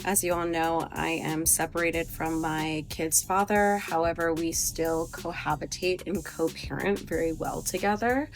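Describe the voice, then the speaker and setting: A woman's voice: low voice, fairly even intonation, a little slow, hardly any pauses, faint music behind. A woman in her thirties talking in a rambling, hesitant, emotional confessional vlog. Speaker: vlogger.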